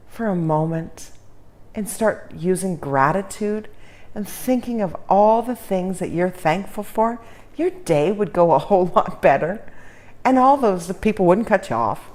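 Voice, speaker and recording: Slow, lively-voiced motivational woman. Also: medium pitch. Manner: earnest, encouraging, folksy. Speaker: self-help teacher. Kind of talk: informal motivational lesson.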